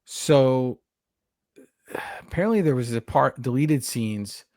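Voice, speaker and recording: In a dry, studio-quality recording, a man with a medium-pitched voice takes his time as he co-hosts a casual podcast about a horror movie. He rambles at length, recapping scenes with animation and frequently stopping to restart or fix what he's saying.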